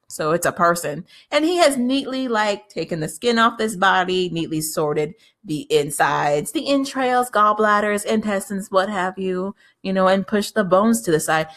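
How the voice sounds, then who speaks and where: A woman giving a casual, excitable recap of a TV episode, chatty, with frequent restarts. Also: on the low side.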